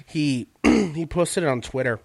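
A man who does stand-up, chatting casually and animatedly, often jumping into high voices to quote people. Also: measured pace, creaky, no room sound. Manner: animated, jumps into high voices when quoting. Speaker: comedian podcast co-host. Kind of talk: casual chat.

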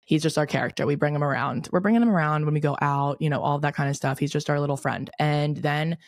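A woman in her twenties hosting a podcast, telling a story in a casual, animated way, full of "like" fillers. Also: deep voice, quick pace, dry recording, clean studio sound. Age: 20s. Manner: chatty, lots of "like" fillers, animated retelling. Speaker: podcast host.

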